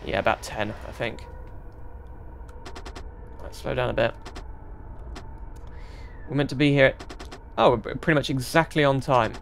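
A man giving let's-play commentary as he drives a train in a game, chatty and thinking aloud, with bursts of excited exclamations. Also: mid-range voice, unhurried, gravelly, pauses often, a little hiss or hum. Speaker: gaming channel host.

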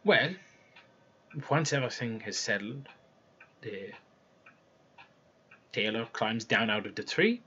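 A man's voice: on the low side, lively intonation, slow, long pauses, pushed and bright, breathy edge. A man casually retelling a fairy tale in a loose, conversational way, with restarts as he goes. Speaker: storyteller. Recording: dull lo-fi recording.

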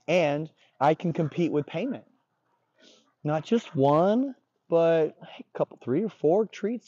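A man with a warm, relaxed voice talks as a dog trainer, blunt and plain-spoken. He swears casually. The recording sounds dry and dull. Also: a little high, a little slow, dry recording. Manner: blunt, profane, confident explaining. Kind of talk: casual on-the-job instruction.

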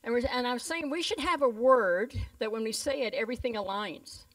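A Canadian woman pastor with a brisk, high-leaning voice tells stories in her sermon, lively acting out the voices of the people in them. Her voice sounds a bit distant from the mic.

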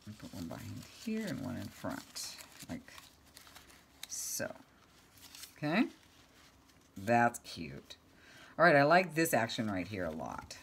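A woman's voice: very deep voice, wildly swooping pitch, measured pace, gravelly, slight background noise. A middle-aged woman chatting casually as she makes crafts at home, rambling and talking to her cat now and then. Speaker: craft vlogger.

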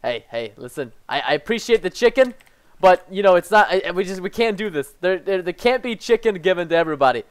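A man giving excited gameplay commentary as a gaming YouTuber, excitable, jumping between hushed asides and loud yelps. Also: sits high, brisk, clear, resonant tone.

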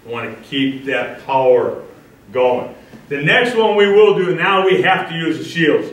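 At a coaching clinic in an indoor training facility with a wall, a man demonstrates defensive line drills, calling cues and checking in with "okay?". His voice is on the high side, lively yet unhurried, and the lo-fi, echoey recording comes from a far-off mic.

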